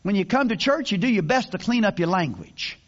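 A man's voice: high-pitched, expressive, fairly quick, lo-fi sound. An older man preaching a sermon in a folksy, conversational way, with many restarts and asides. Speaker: pastor.

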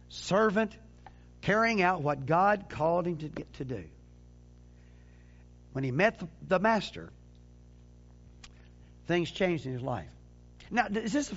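Male preacher, high and very animated, emphatic delivery with repeats, dull lo-fi recording. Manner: lively, emphatic, with sudden drops to low quiet phrases; frequent repeated words and restarts. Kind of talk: sermon.

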